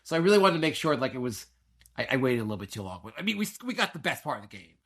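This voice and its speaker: A man's voice: mid-range voice, sing-song, rapid-fire, fairly bright tone. A middle-aged man co-hosting a sports podcast, ranting animatedly through a story and acting out what his family said. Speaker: podcast co-host. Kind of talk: casual sports podcast chat.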